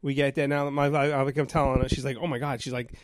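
A man's voice: medium pitch, quick pace, no room sound. A man telling a rambling story in a casual talk show chat, full of restarts and quoted dialogue. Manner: rambling, animated, many restarts. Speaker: radio show host.

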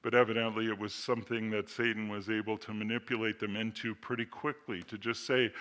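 A man preaching a sermon, explaining scripture with slow readings, asides and rhetorical questions. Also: lowish voice, level tone, a bit bright. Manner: expository teaching, reads scripture slowly, asides and rhetorical questions. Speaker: pastor.

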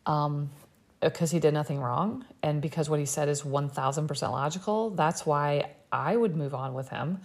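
Woman recap commentator, husky creaky voice, animated, exasperated. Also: low voice, normal speed. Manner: animated, exasperated, quotes people in raised voice. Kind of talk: casual recap chat.

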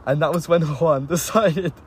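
A man's voice: a little high, moderate pace. Young man chatting over background noise. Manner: laughing, swearing storyteller. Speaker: podcast host. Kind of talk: casual chat. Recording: noisy background.

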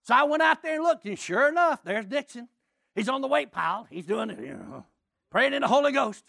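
A preacher tells a story in his sermon with gusto, often breaking into shouts. His voice is gravelly and forceful, with a husky edge. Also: extremely high pitch, a little fast. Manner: animated, often shouting and laughing while telling a story.

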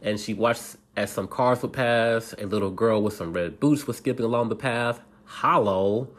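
A man casually reading a bedtime story aloud, halting and restarting often and laughing at himself along the way. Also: mid-range voice.

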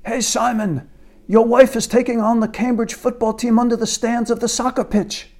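Man doing a mock-posh British man, faux British accent, high put-on voice, sing-song. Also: level tone, moderate pace, darkish tone. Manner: exaggerated sing-song delivery.

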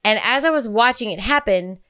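A woman's voice: a little high, animated, fairly quick, fairly bright tone, clean tone. A woman in her thirties co-hosting a podcast, chatting in a rambling, giggly and frank, crude way. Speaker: podcast co-host. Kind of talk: casual chat.

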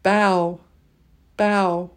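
A woman leading a pronunciation drill, saying each word twice and pausing so listeners can repeat. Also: mid-range voice, level tone. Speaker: pronunciation teacher.

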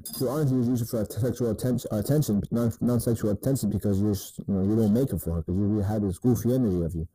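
A man's voice: on the low side, racing, mellow, slightly rough, low-quality recording. A man hosting a casual advice monologue, talking crudely and profanely and tacking "man" onto his sentences. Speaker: dating advice host.

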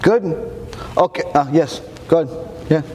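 High-voiced man lecturing in a reverberant hall. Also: a little slow, a little hiss or hum. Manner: animated, repeats words when searching, rhetorical questions. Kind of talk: Torah lecture with audience questions.

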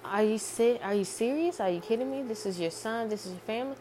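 A woman's voice: low voice, flat delivery, quick pace, a little hiss or hum, close to an everyday voice. A woman voicing a protective young sister who is indignant at her father.

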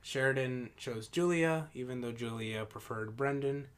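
A woman's voice: extremely low pitch, normal speed, clear, resonant tone. A woman co-hosting a casual podcast, rambling with many fillers as she recaps. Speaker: podcast co-host. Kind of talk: casual chat.

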